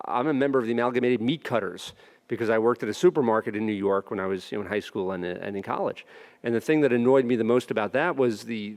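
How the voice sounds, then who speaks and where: Hesitant male panelist. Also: on the low side. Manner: hesitant, many fillers. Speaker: panel speaker. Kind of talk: answering audience questions.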